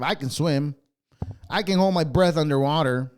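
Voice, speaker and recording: A man's voice: a little high, normal speed, clear, resonant tone. A man hosting a podcast, ranting casually in a profane, rambling way. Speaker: podcast host.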